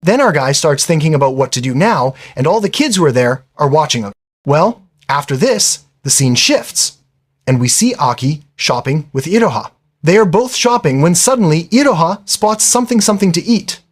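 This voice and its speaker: A man's voice: fairly high pitch, animated, normal speed. A man narrating an anime episode recap in a chatty, casual storytelling way, often calling the listener brother. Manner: chatty, says "brother" and "literally".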